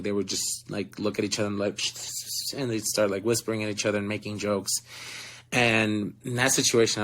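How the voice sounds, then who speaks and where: An earnest young man in his twenties talks through stories from touring as an actor, with a fairly low voice. He fills his sentences with casual fillers and laughs often between thoughts. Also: slight background noise. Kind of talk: casual interview storytelling.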